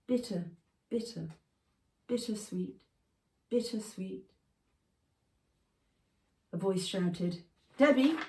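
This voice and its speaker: Woman reading her memoir out loud, lowish mellow voice, roomy and a bit far off. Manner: measured, expressive reading voice. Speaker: prize-winning author reading her own memoir piece. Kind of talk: literary reading. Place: festival venue. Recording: roomy, from a distance.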